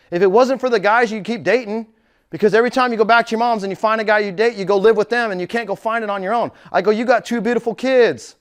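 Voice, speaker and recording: A middle-aged man giving a casual motivational talk as a real estate coach. He tells stories, swears, says dude, and swings from low confiding to loud and excited. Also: quick pace, clear, resonant tone.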